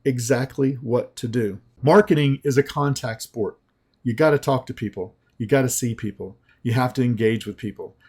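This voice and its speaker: A man giving an emphatic sales pitch presentation, using short, repeated punchy phrases, with a slightly scratchy throat. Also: moderate pace, a little mellow, husky. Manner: punchy, repetitive, emphatic selling.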